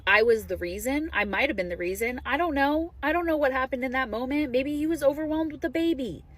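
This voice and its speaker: A woman's voice: high voice, animated, fairly quick, a bit bright, no echo. A woman speaking straight to her viewers, emphatic and reassuring. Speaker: widow sharing her experience. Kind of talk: direct-to-camera talk.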